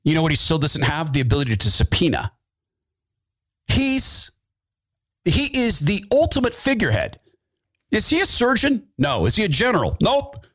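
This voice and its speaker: A middle-aged man delivering a sarcastic political monologue, his pitch bouncing widely as he mocks and jokes. He speaks a bit higher than most men and keeps the talk lively and opinionated. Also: normal speed, long pauses, breathy edge. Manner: sarcastic, animated, with mock voices and asides. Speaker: political commentary host.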